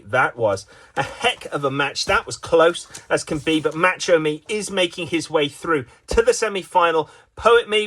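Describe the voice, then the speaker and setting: A man's voice: a little high, a bit bright. A man giving playful mock sports commentary of a dice game he plays against himself, jokey and full of asides. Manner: playful, jokey, with frequent fillers and restarts.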